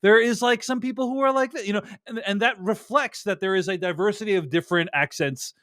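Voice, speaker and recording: High-voiced man, dry close sound. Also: a bit bright, dry recording. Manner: measured, hedging, playing devil's advocate. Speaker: podcast co-host. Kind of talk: casual film review chat.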